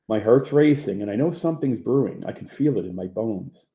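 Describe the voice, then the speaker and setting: A man narrating his own memoir as an audiobook in a plain, low-key manner. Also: animated, a little fast, warm tone. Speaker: author reading his own book.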